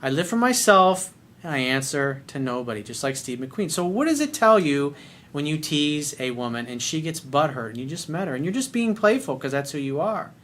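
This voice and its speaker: A man's voice: fairly high pitch, big pitch swings, moderate pace, a bit bright, a little hiss or hum. A man giving dating advice in a video coaching monologue, blunt and emphatic, swearing freely.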